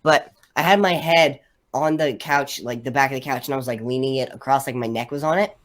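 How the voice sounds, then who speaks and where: A woman's voice: very deep voice, a little fast. A young woman co-hosting a podcast, telling stories in casual chat and rambling with lots of "like.". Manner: rambling storyteller, frequent "like". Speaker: podcast co-host.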